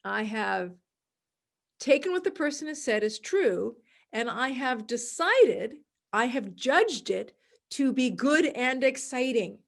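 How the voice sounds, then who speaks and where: A woman hosting a podcast, explaining an idea calmly and repeating her key words, sometimes acting out other people's voices. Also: sits high, takes it slowly, creaky. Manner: acts out quoted voices in a dramatic, excited tone. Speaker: podcast host. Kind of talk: solo podcast talk.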